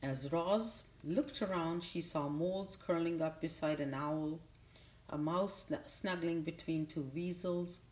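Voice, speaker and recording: A woman narrating a children's novel aloud in a measured, unhurried way, with a few small restarts. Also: low-pitched, a little mellow, echoey room. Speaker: audiobook narrator. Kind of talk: storybook read-aloud.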